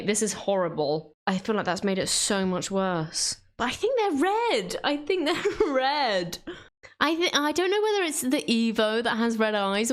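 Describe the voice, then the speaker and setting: Woman talking thru her drawing, jokey and self-mocking, voice jumps up and down a lot. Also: mid-range voice. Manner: chatty, self-mocking, laughs often. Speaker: art vlogger. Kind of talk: casual drawing commentary.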